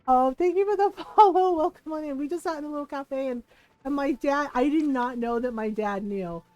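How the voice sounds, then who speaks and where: A woman livestreamer with a high-pitched, slightly mellow voice speaks a little fast on a dry, rough recording. She casually tells a story during a game, laughing often and acting out the dialogue.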